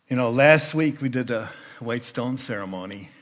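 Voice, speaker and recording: Older man preaching, bright voice. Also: medium pitch, moderate pace, hardly any pauses. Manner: storytelling, voices quoted people loudly. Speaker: guest speaker. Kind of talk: sermon. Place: church sanctuary.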